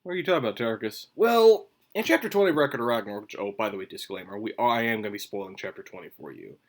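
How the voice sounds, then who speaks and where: A man's voice: sing-song, fast talker. A man talks through a casual solo commentary video while chewing gum. He rambles from point to point and now and then jumps into an emphatic burst. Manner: emphatic bursts with sudden rises in pitch. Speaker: manga commentary video host.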